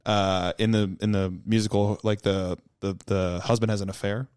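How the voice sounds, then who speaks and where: A man's voice: fairly low pitch, little pitch movement, normal speed, darkish tone, smooth. A man hosting a comedy podcast in casual chat, talking emphatically with frequent swearing and stammering restarts. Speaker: podcast host and stand-up comedian.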